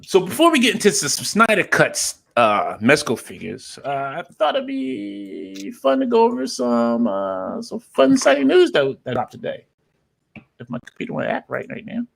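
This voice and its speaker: A man's voice: on the high side, huge pitch swings, normal speed, gravelly, a bit bright, slightly rough. A man hosting a casual podcast chat, rambling and repeating himself, laughing often. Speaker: podcast host.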